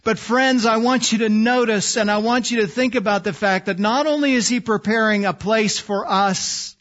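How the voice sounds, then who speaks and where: Male preacher, high voice, slow earnest sermon delivery, slightly dull lo-fi recording. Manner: slow, earnest, drops to soft low phrases for emphasis.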